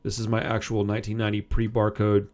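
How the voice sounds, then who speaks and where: A man's voice: on the low side, monotone, quick pace, a little mellow. A man in his thirties hosting a punk music channel, telling a personal story in a rambling, self-interrupting way and swearing casually.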